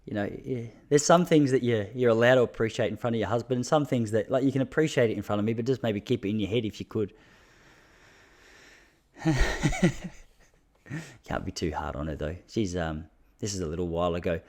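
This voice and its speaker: This young Australian host's voice is on the low side with a darkish tone. He tells casual stories alone on his podcast, laughing a lot and mocking himself as he goes.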